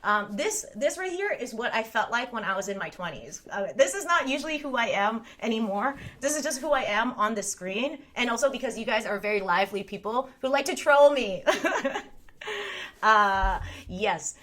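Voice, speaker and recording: A woman in her thirties streams a loose, rambling chat with her viewers, trading candid asides and laughing often. Her voice sits a touch high and rings bright and forward. She swears freely and talks off the cuff. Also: lively intonation, moderate pace. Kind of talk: casual livestream chat.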